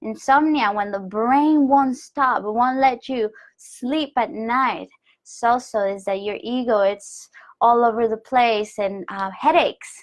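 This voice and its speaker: Candid, expressive woman teacher. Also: takes it slowly. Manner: candid, expressive, jumps pitch when quoting herself; reads viewer comments aloud. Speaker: spiritual teacher. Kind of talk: live-streamed talk on intuition.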